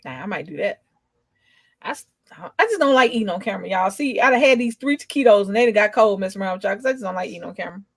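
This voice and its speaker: A woman's voice: medium pitch, expressive, fast talker, no room sound. A young adult woman rambling in casual chat, drawling and emphatic as a co-host.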